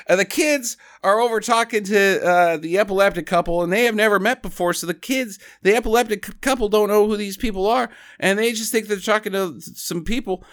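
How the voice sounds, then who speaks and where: A man's voice: sits high, brisk, few pauses, sharp tone. A man hosting a podcast, casually retelling a film's plot and slipping into silly voices for the characters. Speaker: podcast host. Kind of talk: casual movie recap chat.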